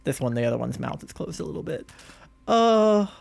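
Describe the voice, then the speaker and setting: A young man streaming a game live, gushing excitedly and cooing over cute creatures in casual commentary. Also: a little high, normal speed, creaky.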